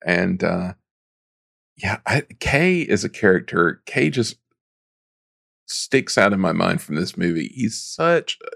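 A man's voice: low voice, big pitch swings, slow pace, gravelly, long pauses, a bit bright, dry recording, studio quality. A man on a podcast giving blunt, joking opinions about a film. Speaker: podcast co-host. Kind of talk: casual film chat.

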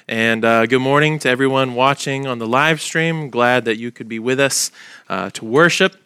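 A male pastor preaching a sermon, his voice nasal and stuffy from allergies, pausing often with fillers. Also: mid-range voice, fairly even intonation, bright, forceful tone, clean tone, no room sound, clean studio sound. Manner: halting, with frequent "uh" fillers.

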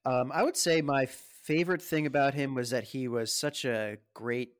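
A man improvising a comedy bit as an earnest, slightly halting office manager. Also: medium pitch, dry recording, studio quality. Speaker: improv performer playing an HR manager.

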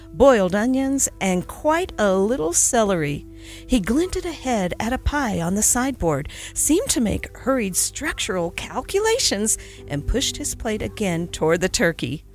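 Brief: woman storyteller, lively animated reading, soft music bed. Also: mid-range voice. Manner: expressive, dramatic narration. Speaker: podcast narrator.

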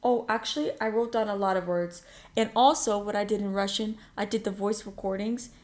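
A woman's voice: mid-range voice, fairly quick, a little mellow. A woman co-hosting a podcast as a language learner, chatty and teasing in a casual lesson chat.

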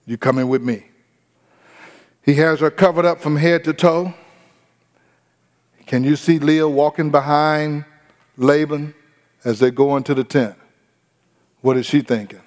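A man's voice: medium pitch, darkish tone, big-room sound. A man preaching a sermon, retelling a story and putting questions to his congregation. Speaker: pastor.

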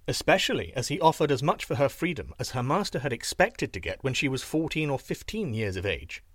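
A man reading a folk tale aloud in a measured, expressive way. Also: mid-range voice, dry recording, clean studio sound. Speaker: storyteller.

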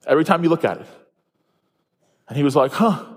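A man from Iowa speaking at a conference, telling a self-mocking story that turns into a sermon, with quick asides and restarts. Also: a little high, long reverb tail. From Iowa, USA.

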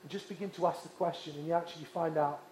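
A man from England, preaching with passionate, repeated emphasis that drops to hushed tones. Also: fairly high pitch, steady tone, fast, a little hiss or hum. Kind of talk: sermon. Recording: echoey hall.

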